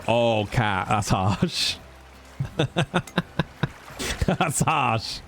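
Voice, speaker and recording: Brief: male streamer, unhurried delivery but big swings in pitch, teasing and mock-exasperated, faint music behind. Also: animated, a bit bright. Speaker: livestreamer. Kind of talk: casual chat with stream viewers.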